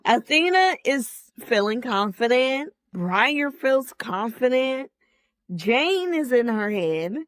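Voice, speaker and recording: A woman hosts her own review podcast, talking alone in a loose, chatty way. She is opinionated and animated, full of asides and quick restarts. Her voice sits a little high. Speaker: podcast host reviewing a TV show. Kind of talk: casual solo review chat.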